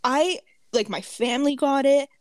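A woman's voice: high-pitched, normal speed, no echo, studio quality. A young woman co-hosting a podcast, teasing her friends playfully and laughing a lot. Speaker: podcast co-host. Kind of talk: casual chat.

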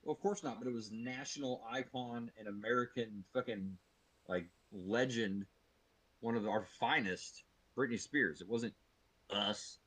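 Male comedy-podcast co-host, forceful, bright tone, dry close mic, mock outrage. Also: medium pitch, unhurried, breathy edge, dry recording, rough recording. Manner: animated, profane, mock-outraged. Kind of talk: casual comedic chat.

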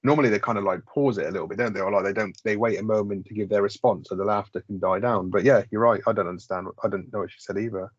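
Fast-talking husky man. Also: lowish voice, dry recording. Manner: loose, swears, lots of "like". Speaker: podcast co-host. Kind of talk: casual chat about a sitcom. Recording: slightly muffled lo-fi audio.

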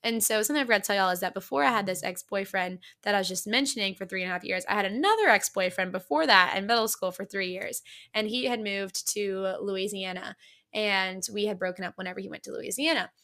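Husky-edged woman telling her story. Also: mid-range voice, sharp tone. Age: young adult. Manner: earnest, halting, many fillers and restarts. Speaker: podcast guest. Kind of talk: personal testimony.

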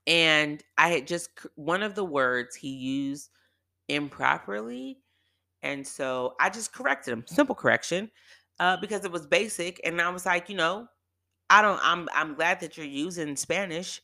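Host: woman from the Bay Area, crisp bright tone with gravelly fry, dry close mic, emphatic storyteller. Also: fairly low pitch, animated, measured pace, dry recording. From San Francisco Bay Area. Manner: emphatic, exasperated retelling with quoted back-and-forth. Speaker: podcast host. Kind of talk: casual storytelling monologue.

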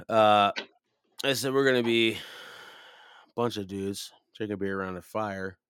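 Man, about 30, low voice, dry close sound; swearing storyteller who rambles and blows up into high, loud rants. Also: measured pace, pauses often, clear, resonant tone, no room sound. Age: 30s. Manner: profane, rambling, gets loud and high when ranting. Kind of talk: casual storytelling chat.

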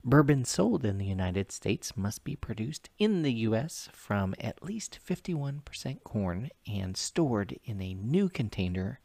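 A man's voice: on the low side, creaky, darkish tone, dry recording. A man hosting a podcast, talking casually and breaking off for joking asides. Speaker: podcast host. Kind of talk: casual chat.

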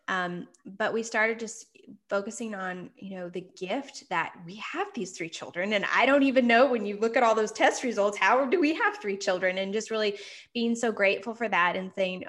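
A woman's voice: mid-range voice, a bit bright. A woman in her thirties, a parenting author, telling an earnest personal story in an interview and acting out quoted lines.

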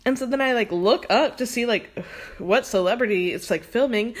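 A young woman hosting a podcast, talking fast and casually, saying "like" constantly and swearing freely. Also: on the high side, a bit bright. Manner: fast, chatty, says "like" a lot, swears freely. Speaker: podcast host. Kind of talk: casual chat.

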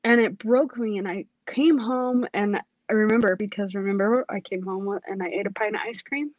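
A woman's voice: mid-range voice, normal speed, lo-fi sound. A woman, a police academy cadet, tells her personal testimony in an earnest, emotional way, often restarting her sentences.

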